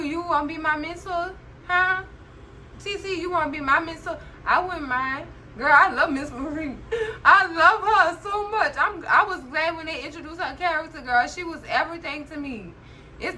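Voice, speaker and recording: Host read: woman, high register, bright tone, gossipy recap chatter, laughs a lot. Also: normal speed, a little hiss or hum, low-quality recording. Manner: chatty, animated, constantly says "girl"; laughs often while talking. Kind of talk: casual TV recap commentary.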